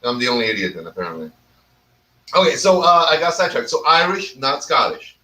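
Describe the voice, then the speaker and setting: A man's voice: medium pitch, lively intonation, brisk, sharp tone, distant mic, poor audio. A man hosting a casual cigar talk show with his friends, rambling and teasing with plenty of swearing. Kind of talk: casual chat.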